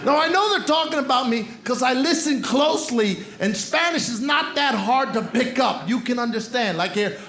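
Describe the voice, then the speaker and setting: Animated high-voiced male stand-up comic. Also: moderate pace, hardly any pauses. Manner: teasing, animated, talks straight to the audience. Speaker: stand-up comedian. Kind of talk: stand-up with crowd work. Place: comedy club stage with live audience. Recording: roomy live venue with audience laughter.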